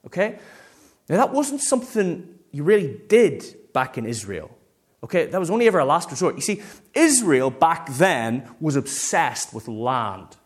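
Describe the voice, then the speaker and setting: A man, a pastor preaching a sermon in a lively, conversational way. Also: a little high, moderate pace.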